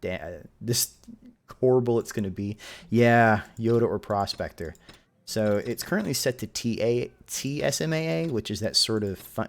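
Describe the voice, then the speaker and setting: A man's voice: mid-range voice, creaky. A man giving casual, rambling commentary while streaming a video game, joking with his chat. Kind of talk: live gameplay commentary.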